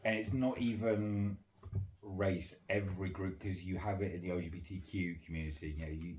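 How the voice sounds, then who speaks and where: A man with a very low, deep voice co-hosting a casual podcast. He talks things through thoughtfully, often running down lists of examples. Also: fairly even intonation, normal speed, darkish tone, a little hiss or hum. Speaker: podcast co-host. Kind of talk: casual chat.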